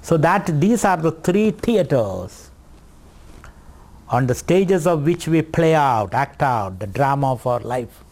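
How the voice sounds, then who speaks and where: Man, swami, unhurried scripture lecture, repeats key words. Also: fairly high pitch, expressive, a little mellow. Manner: slow, deliberate teaching with repetitions and light laughter. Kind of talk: spiritual lecture.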